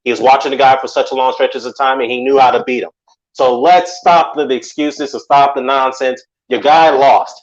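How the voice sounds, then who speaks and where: A man who is a guest on a boxing podcast and talks bluntly and dismissively, with some swearing. His voice sits in a middle pitch. The recording sounds slightly dull and muffled. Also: fairly even intonation, normal speed. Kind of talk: boxing opinion talk.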